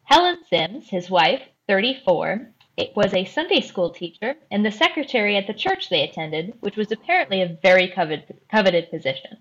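A woman hosting a podcast and telling a true crime story in a careful, measured way. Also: medium pitch, very animated, a bit bright, muffled recording. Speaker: host.

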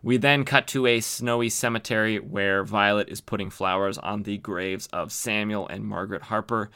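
A man's voice: lowish voice, steady tone, moderate pace, sharp tone, smooth. A man hosting a podcast, recapping comic books in an enthusiastic, chatty way with many fillers. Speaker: podcast host. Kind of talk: casual comic book recap.

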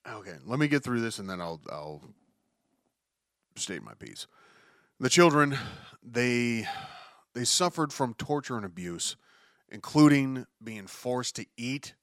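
A man's voice: medium pitch, expressive, measured pace, long pauses, a bit bright, no echo, clean studio sound. A man hosting a solo podcast, reading news and ranting about it in a profane, exasperated way, often restarting his sentences. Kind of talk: casual news commentary.

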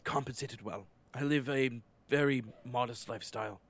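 Man doing a prim loyal butler, clipped formal replies, mid-pitched. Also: moderate pace, gravelly, natural voice. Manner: clipped and formal, says "quite".

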